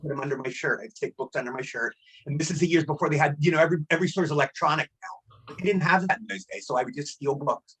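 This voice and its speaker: A man's voice: a little high, fast, a bit bright, slightly rough. A man in his sixties, a guest actor telling rambling anecdotes in a casual interview and repeating himself.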